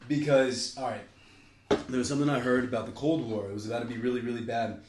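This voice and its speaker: A man co-hosts a casual podcast, drifting through topics with sudden jumps and frequent profanity. He speaks fast in a mid-range voice with fairly even intonation. There's noise in the background and a roomy echo.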